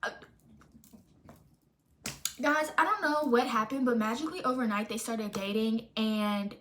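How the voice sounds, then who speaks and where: A woman's voice: on the high side, moderate pace, slight background noise. A young woman, telling a storytime vlog casually and animatedly, full of fillers and quoted dialogue. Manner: chatty, animated, full of "like" fillers and self-interruptions; quotes friends in acted-out dialogue. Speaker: storytime vlogger.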